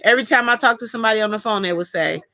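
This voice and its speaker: A woman's voice: on the high side, rapid-fire, bright, forceful tone. A middle-aged woman chatting casually with viewers during a live stream, telling a long personal story in a talkative, colloquial way.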